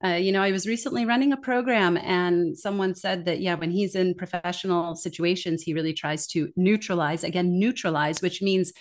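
A woman speaking as a guest expert in a podcast interview, explaining in an earnest, animated way. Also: fairly low pitch, moderate pace, hardly any pauses. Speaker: guest expert on accent bias.

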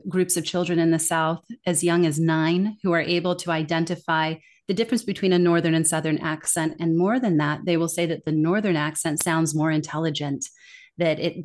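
A woman speaking as a guest expert in a podcast interview, explaining in an earnest, animated way. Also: deep voice. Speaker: guest expert on accent bias.

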